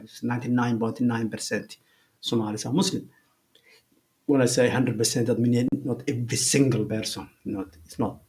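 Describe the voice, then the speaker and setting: A man giving an explanatory commentary, talking deliberately, often pausing and rephrasing himself. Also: mid-range voice, a little mellow. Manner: deliberate, rephrases and pauses with fillers.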